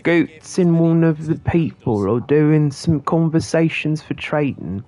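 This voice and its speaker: A man's voice: a little high, lively intonation, measured pace, dark tone. A man streaming a game, chatting casually to viewers in a rambling, jokey way. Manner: rambling and jokey, talking to chat. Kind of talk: casual gaming commentary.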